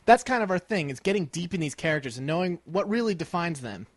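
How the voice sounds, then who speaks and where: A young man co-hosting a podcast, chatting casually and playfully, cracking jokes and clearing his throat now and then. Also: fairly high pitch, animated, quick pace. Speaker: podcast co-host.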